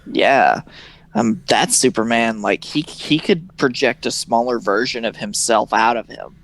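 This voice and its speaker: A man's voice: medium pitch, a little slow, creaky, fairly bright tone. A young man co-hosting a casual podcast chat, joking and slipping into mocking character voices. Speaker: podcast co-host.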